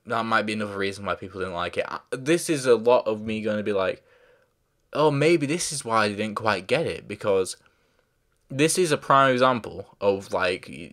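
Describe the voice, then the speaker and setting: A man gives a casual spoken review of a show, rambling with lots of fillers and restarts. He loses track of names and stops to apologise, speaking in a voice on the low side with a slightly bright tone.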